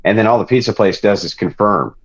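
A man's voice: fairly low pitch, expressive, fast, highs cut off. Profane, exasperated man ranting. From Ireland. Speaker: show host. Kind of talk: ranting podcast banter.

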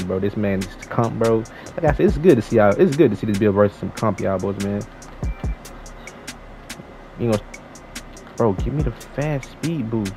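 Young man, slangy excitable gamer commentary, gravelly voice, faint background music. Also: on the low side, low-quality recording. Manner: slangy, trash-talking, excitable. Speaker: gaming YouTuber. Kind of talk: live gameplay commentary.

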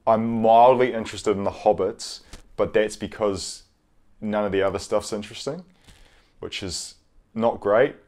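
A young man giving a casual, rambling review, hesitant and low-key, with frequent pauses and restarts. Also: a little mellow. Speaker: video reviewer.

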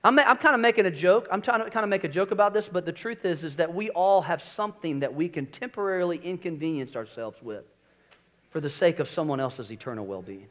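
A middle-aged man preaching a sermon in church, energetic, swinging between loud emphasis and quiet low asides. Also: fast talker. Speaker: pastor. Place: church sanctuary.

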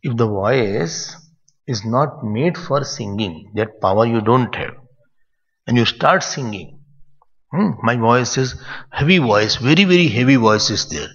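A man's voice: mid-range voice, expressive, measured pace, slightly rough. An older man with an Indian English accent gives a scripture discourse as a spiritual teacher, teaching in a conversational, digressive way. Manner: conversational, digressive teaching, mixing in Hindi phrases. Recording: dull, echoey hall recording.

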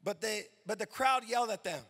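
A male pastor preaching an impassioned sermon, shouting and chanting in a sing-song cadence with repeated phrases. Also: high-pitched, fairly quick, vocal fry.

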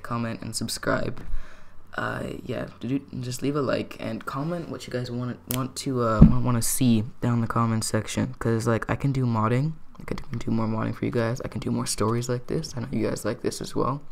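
A young man telling a story in a casual, rambling vlog, full of "like" and "dude" and growing excited. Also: medium pitch, normal speed, creaky, slight background noise.

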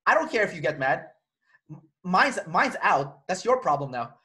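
This man's high voice moves at a moderate pace as he's interviewed, recounting a personal story in casual conversation. He animatedly acts out the lines of the people in it, with many restarts.

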